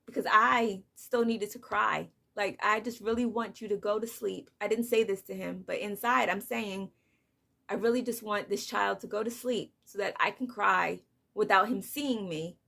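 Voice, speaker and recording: Gravelly-voiced young mother, close to tears. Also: medium pitch, fairly even intonation, moderate pace. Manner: soft, hesitant, many "like" fillers, on the edge of tears. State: holding back tears. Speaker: vlogger, mother of two. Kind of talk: personal confessional vlog.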